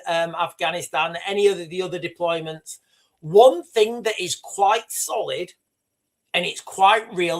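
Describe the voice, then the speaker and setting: A British man hosting a casual livestream, talking emphatically and repetitively while addressing his viewers directly. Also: sits high. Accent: British English. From Britain. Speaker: livestream host.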